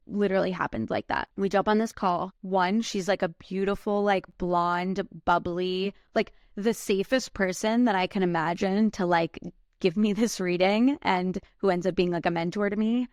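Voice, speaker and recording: A woman in her thirties telling a personal story on her podcast, her voice sitting a little low. She talks loosely, with lots of "like" and the odd swear word. The sound is dry and close, with no room echo. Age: 30s. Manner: casual, heavy use of "like", swears freely. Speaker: podcast host.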